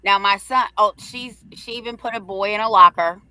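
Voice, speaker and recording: A middle-aged woman hosting a livestream, telling a story in a brash, profane, animated way. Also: mid-range voice, moderate pace, clean tone, dry recording, rough recording. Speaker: host.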